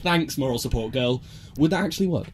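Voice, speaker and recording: Brief: young man as a lively, sarcastic superhero, slightly high voice, noisy recording, improv comedy. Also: fast talker, close to an everyday voice. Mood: blustering. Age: young adult. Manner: sarcastic, blustering, squawks. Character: grumpy blustering young male superhero. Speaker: improv performer.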